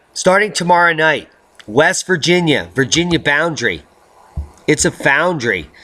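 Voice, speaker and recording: A middle-aged man hosting a video blog, rambling through weather news with jokes, rhymes and theatrical swings into high baby talk. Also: sharp tone. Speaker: video blogger host. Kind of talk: rambling weather commentary vlog.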